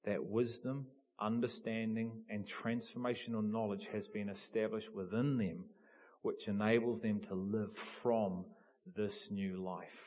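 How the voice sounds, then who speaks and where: A man preaching a sermon, telling a story with animated build-ups and emphatic peaks. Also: on the low side. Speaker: pastor.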